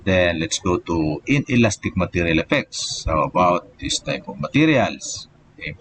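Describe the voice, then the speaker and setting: A man's voice: low voice, sing-song, moderate pace, fairly bright tone, slight background noise. A man, an engineering professor, giving a live online lecture and explaining step by step, with many "okay" and "so" fillers.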